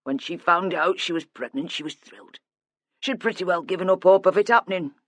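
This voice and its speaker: A subdued, plain-spoken older father, as a narrator voices him, weighed down by guilt and pausing as he remembers. The voice sits lower and softer than the narration, close and dry. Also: no room sound, natural voice. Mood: reminiscing. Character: grieving older father, quiet and guilt-ridden.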